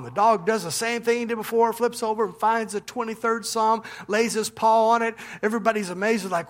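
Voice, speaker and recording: A man preaching as pastor, in a relaxed storytelling manner with restarts and asides. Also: high voice, brisk, hardly any pauses. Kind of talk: sermon with a told joke. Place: church.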